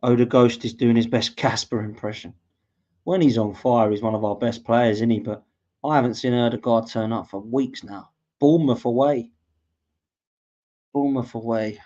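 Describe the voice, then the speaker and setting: A man from England commentating live on a match as a fan podcast host, reacting loudly to play and reading viewer comments. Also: mid-range voice, normal speed. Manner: excitable, shouts at goals, reads out viewer comments. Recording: dull lo-fi mic.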